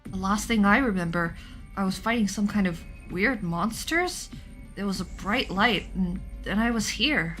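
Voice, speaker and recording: A woman's voice: medium pitch, expressive, unhurried, fairly bright tone, faint music behind, poor audio. A woman voicing a bewildered teenage student, reading game dialogue aloud in her own voice, earnest and stammering. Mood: confused.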